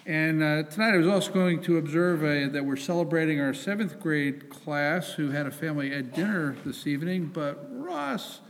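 A man's voice: a little high, moderate pace, hardly any pauses, a little hiss or hum. A man, the temple president, making light, joking announcements at a service in a synagogue sanctuary. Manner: joking, upbeat. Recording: long hall reverb.

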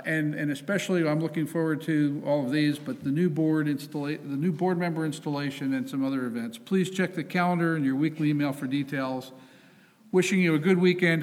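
A man, the temple president, making light, joking announcements at a service in a synagogue sanctuary. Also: a little high. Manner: joking, upbeat. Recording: long hall reverb.

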